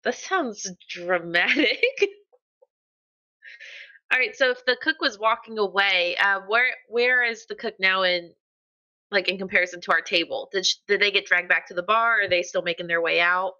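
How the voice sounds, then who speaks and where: A woman's voice: medium pitch, normal speed, pushed and bright. A woman playing a tabletop game, talking in a chatty, rambling way. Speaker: player. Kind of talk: tabletop role-play. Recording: dull lo-fi mic.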